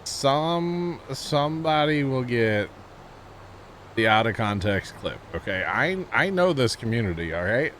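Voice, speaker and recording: With a sing-song, unhurried delivery, a man streams himself gaming and chats casually with his viewers, rambling and laughing easily. He's from Missouri and has a St. Louis accent. His voice is medium-pitched and a bit bright, with slight background noise.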